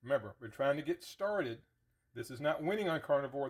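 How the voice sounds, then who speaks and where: A diet vlogger with a medium-pitched voice speaks fairly quickly and with animation in a casual how-to cooking vlog from his home kitchen. His talk is folksy and chatty, and sometimes he eats while speaking.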